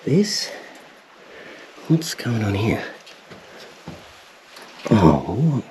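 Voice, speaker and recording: A young Australian man vlogging as he explores inside a cave, excited and exclaiming often, recorded on an action camera. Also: on the low side, drawn-out words, background noise. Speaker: outdoor adventure vlogger. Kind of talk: casual exploring commentary.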